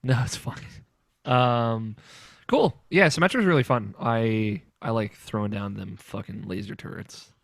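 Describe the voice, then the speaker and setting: A man's voice: lowish voice, unhurried, creaky, no room sound, clean studio sound. A man hosting a casual gaming podcast, loose and laughing often. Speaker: podcast host.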